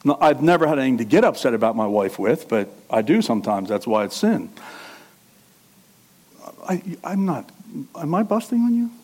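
This middle-aged male pastor delivers a conversational sermon at normal speed, with big pitch swings, long pauses, and a breathy edge. He shifts from low asides up to loud, emphatic preaching.

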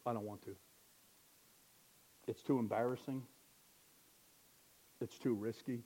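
A man's voice: medium pitch, steady tone, takes it slowly, dark tone, husky. A man preaching a sermon in a conversational way, asking rhetorical questions and joking at his own expense. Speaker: pastor.

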